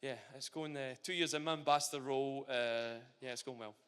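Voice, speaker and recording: A man's voice: mid-range voice, fairly quick, smooth. Scottish guy chatting away in an interview, loads of restarts, big echoey hall. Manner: animated and chatty, with frequent restarts. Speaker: interviewee, retired footballer and ambassador. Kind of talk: casual interview. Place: large hall at a live event. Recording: long hall reverb.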